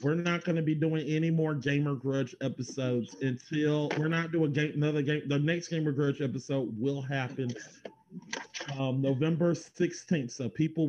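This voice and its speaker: A man's voice: on the high side, normal speed, darkish tone, slight background noise. A man co-hosting a podcast, rambling through show plugs in loose casual chat, laughing and swearing now and then. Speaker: podcast co-host doing plugs.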